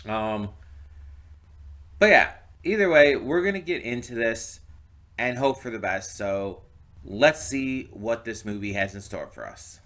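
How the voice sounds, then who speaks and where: A man hosting a movie reaction channel, talking casually to camera in a rambling, low-key way with lots of restarts. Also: animated, unhurried, fairly bright tone. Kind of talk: casual direct-to-camera chat.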